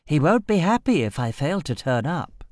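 A man's voice: on the high side, big pitch swings, normal speed, no room sound, voice pushed up. Man playing a drab fussy doctor, reluctant, raised voice, dry recording. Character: drab male physician, reluctant and prim.

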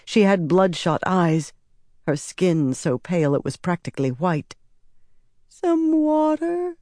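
This audiobook narration comes from a woman whose voice sits low, reading her script in a measured yet expressive manner. There's no room sound, and the quality is studio-grade.

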